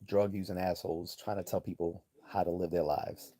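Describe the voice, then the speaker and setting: Man, livestream host, low pitch, very dark mellow tone, blunt profane rambling commentary. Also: little pitch movement, moderate pace. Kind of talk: opinionated live commentary reading chat.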